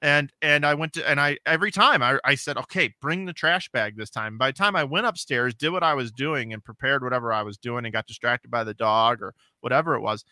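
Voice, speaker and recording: Bright-voiced man in his forties, rambling. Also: medium pitch, fast, few pauses, no echo. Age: 40s. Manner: rambling, self-deprecating storyteller with many restarts. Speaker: podcast co-host. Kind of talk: casual chat.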